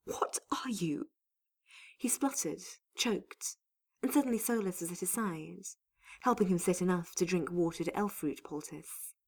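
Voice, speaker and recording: A woman narrating a fantasy story in an unhurried, even reading voice. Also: fairly low pitch, gravelly. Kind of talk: audiobook narration of fan fiction.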